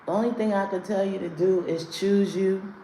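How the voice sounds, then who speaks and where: A woman hosts a casual livestream and talks straight to her viewers in a blunt, profane way, snapping back at the chat. Her voice sits at an ordinary middle pitch. It rings with room echo over a faint background hiss. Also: fairly even intonation, measured pace, warm tone. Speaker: livestream host doing card readings. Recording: roomy echo, faint noise.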